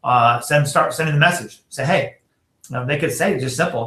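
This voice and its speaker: A man's voice: medium pitch, a little fast, pushed and bright, reverberant. A man giving a casual sales training talk, chatty and full of fillers, acting out text message exchanges as he goes. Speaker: network marketing trainer.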